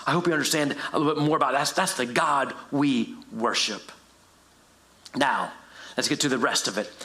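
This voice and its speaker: A man preaching a sermon as pastor, animated, acting out the people he quotes. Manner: animated, acts out quotes with shifting pitch. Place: church sanctuary.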